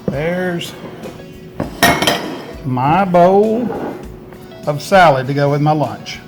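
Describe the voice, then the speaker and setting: A man's voice: fairly high pitch, animated, very slow, long pauses, music in the background. A man hosting a home gardening channel, chatting in a folksy, homespun way while he shows food he made in his home kitchen. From Tennessee, USA. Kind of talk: casual food demonstration.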